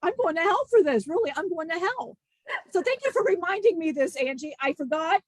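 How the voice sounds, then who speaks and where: A woman's voice: very high-pitched, lively intonation, fairly quick, no echo. A woman co-hosting a spiritual channeling show, chatting casually and laughing often. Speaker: channeler and co-host. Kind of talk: casual chat.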